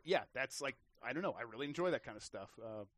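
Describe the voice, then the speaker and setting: In a casual podcast chat about games, a man tells stories fast in a mid-range voice. He's an animated storyteller who restarts his sentences often and acts out the quotes.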